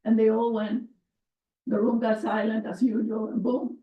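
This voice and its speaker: A woman's voice: on the high side, little pitch movement, normal speed. A woman on an advisory board, speaking with emphasis at a public meeting and recounting what happened. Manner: impassioned, emphatic storytelling. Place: town meeting room. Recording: echoey room from a distant mic, muffled.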